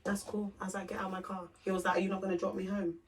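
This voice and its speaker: A woman's voice: mid-range voice, level tone, rapid-fire, very noisy. A young woman, co-hosting a podcast and telling a personal story in casual chat, acting out both sides of the conversation. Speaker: podcast co-host. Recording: voice from a distance off the mic.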